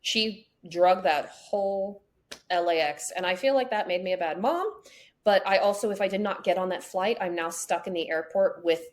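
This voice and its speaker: A woman hosting a podcast in a relaxed, conversational way. She tells stories with a lot of life and acts out the voices of the people in them. Her pitch is in the middle of the range for a woman. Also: moderate pace. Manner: animated storyteller acting out quotes. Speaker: podcast host. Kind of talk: casual conversation, storytelling.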